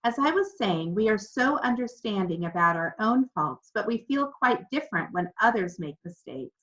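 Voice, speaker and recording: A kindly middle-aged pastor speaks in a warm, measured preaching tone, as a woman reading aloud puts him on. His voice sits at an ordinary pitch, and the recording is slightly dull. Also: very animated, close to an everyday voice.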